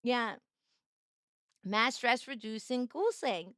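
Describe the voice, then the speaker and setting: A young woman streaming casual chat, bubbly and playfully teasing, jumping up high to greet viewers. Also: animated, normal speed, sharp tone, dry recording, clean studio sound. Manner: bubbly, greets chatters with high-pitched squeals.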